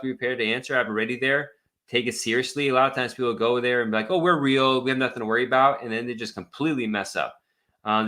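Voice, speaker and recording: A man's voice: mid-range voice, sharp tone. A man who is an immigration attorney answers viewer questions on a live stream in a blunt, exasperated, rambling way.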